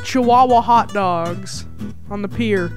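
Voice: medium pitch, slow pace, a little mellow, faint music behind, close to an everyday voice. A YouTuber voicing a brash, street-talking cat who rambles in tough mobster-style talk.

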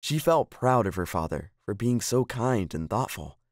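A man calmly reading a children's storybook aloud. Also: fairly low pitch, normal speed, dry recording, clean studio sound.

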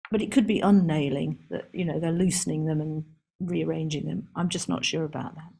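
A woman with a fairly low speaking voice gives a seminar lecture as a garden historian. She talks in a chatty, amused way, with plenty of ums and restarts as she works through long lists. It sounds like a live talk to a room with listeners also joining online. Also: fairly even intonation, fairly quick, vocal fry, warm tone, husky.

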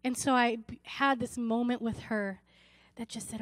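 Earnest woman pastor, fairly high voice. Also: little pitch movement, normal speed, no room sound. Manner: earnest, personal storytelling with many restarts. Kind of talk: sermon. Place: church service.

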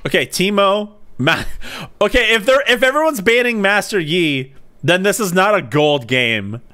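A man's voice: sits high, lively intonation, unhurried, pushed and bright. A young man streaming a game in casual chat, swearing a lot and laughing at other players. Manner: profane, laughs often, mocks other players. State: sleepy.

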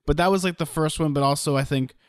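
A man's voice: a little high, fast, dry recording, clean studio sound. A young man co-hosting a podcast, chatting casually in a rambling way and now and then acting out lines. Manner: rambling, restarts, acts out lines. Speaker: podcast co-host. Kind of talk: casual chat.

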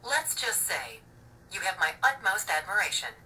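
A woman's voice: lowish voice, big pitch swings, normal speed, recorded from a distance, rough recording. Polite synthetic woman's assistant voice. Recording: device speaker heard from off mic, loud noise.

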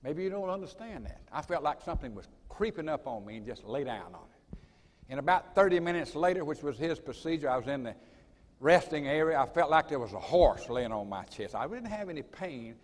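A man leads a school assembly in a folksy, dramatic manner. His voice sits a little high and moves up and down a lot. The long reverb of a large hall trails after every phrase. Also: sing-song, a little fast. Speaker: college president. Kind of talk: assembly speech with personal storytelling.

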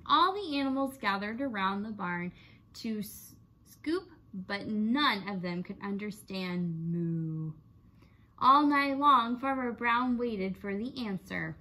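Animated woman teacher reading aloud. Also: mid-range voice, slight background noise. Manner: expressive, animated storytelling. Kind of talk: reading a picture book aloud.

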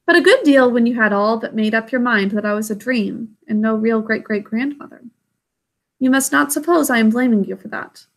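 A woman reading aloud, voicing a calm, ancient and wise great-grandmother who reassures a child. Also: fairly high pitch, moderate pace, close to an everyday voice. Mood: tender. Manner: tender, reassuring.

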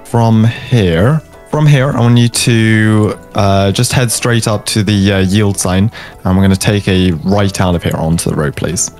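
Kinda low-voiced guy playing a polite examiner, dry and fed up, faint music behind. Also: unhurried, darkish tone. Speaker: game guest. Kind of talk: comedic role-play as driving examiner.

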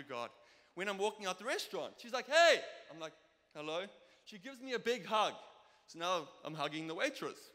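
A young man with a South African accent preaches in a church, his high, bright voice carrying a long reverb through the hall. He tells stories in a lively way and acts out both sides of each conversation. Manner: lively, storytelling, acts out dialogue. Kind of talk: sermon with personal stories.

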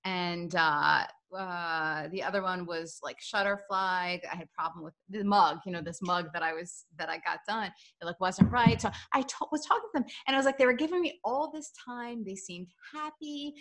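A woman's voice: on the low side, normal speed, hardly any pauses, a bit bright. A woman hosting an interview, telling a story in a chatty, friendly way over a video call. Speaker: interview host. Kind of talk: casual interview chat.

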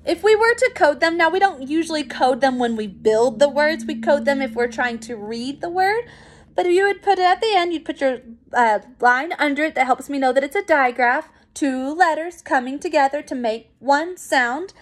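A woman teacher giving a recorded phonics lesson to young children, encouraging and clear. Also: high-pitched, lively intonation. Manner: slow, clear, encouraging classroom pacing.

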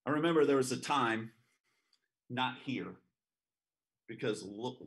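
A man preaching a sermon at a church service, telling a story with animated, joking asides. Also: medium pitch, measured pace.

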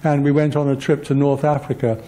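A man's voice: medium pitch, level tone, a little fast, dark tone, low-quality recording. An older man giving a public lecture, telling personal stories in a rambling, self-deprecating way with many fillers and restarts. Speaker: guest lecturer.

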